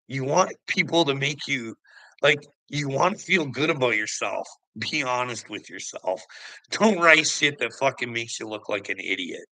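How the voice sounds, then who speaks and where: Guy, low gravelly edge, bright and forceful, ranting with curses. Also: lively intonation, measured pace, no echo, poor audio. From Canada. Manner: angry, swearing, laughing scornfully. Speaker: vlogger. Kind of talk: profane ranting commentary.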